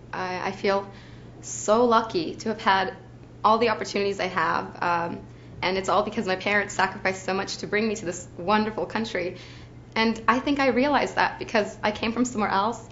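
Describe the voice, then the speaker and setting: An actor auditioning, a young adult woman from Ukraine, gives a bubbly, chatty slate sprinkled with frequent "like"s. Her pitch is medium and her tone fairly bright. The dull, lo-fi recording carries a little hiss or hum.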